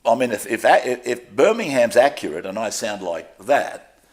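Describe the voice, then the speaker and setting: An older Australian man, a sports broadcaster, telling stories in a candid, self-deprecating way during a relaxed interview. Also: mid-range voice, moderate pace.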